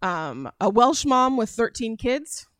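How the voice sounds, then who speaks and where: A woman's voice: on the high side, big pitch swings, takes it slowly, no echo. A woman guest on a podcast, chatting casually and agreeably, with many yeahs and ums. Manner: agreeable, frequent yeahs and ums, listing examples. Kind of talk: casual chat.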